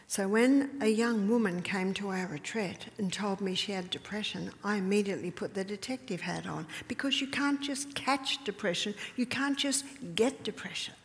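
A woman's voice: mid-range voice, normal speed, hardly any pauses. Mother of five telling stories in a reverberant hall. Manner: drops to a whisper for emphasis; laughs often while telling stories. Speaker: speaker at a health retreat. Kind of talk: storytelling talk to an audience.

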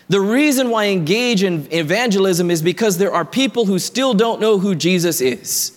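Storytelling preacher, male, slightly high voice, big reverberant hall. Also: a little fast, hardly any pauses. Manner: storytelling, lively and conversational with rising emphasis. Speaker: pastor. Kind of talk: sermon.

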